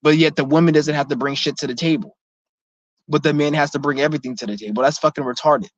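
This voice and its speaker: A man's voice: a little high, steady tone, fast, no room sound. Man ranting, blunt and profane. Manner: repeats himself with many restarts. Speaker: vlogger. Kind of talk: heated rant to camera. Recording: dull lo-fi, dry sound.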